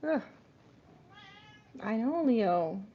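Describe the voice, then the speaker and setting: A woman's voice: fairly high pitch, lively intonation, drawn-out words, muffled recording. A woman hosting a casual live stream, chatting and coaxing her pets in between bits of play-by-play.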